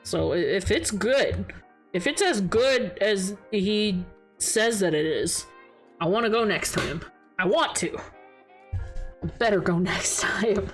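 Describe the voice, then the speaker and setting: A woman VTuber streamer chatting casually, animated and tipsy, gushing like a fangirl and swearing freely. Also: medium pitch. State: tired and a little tipsy.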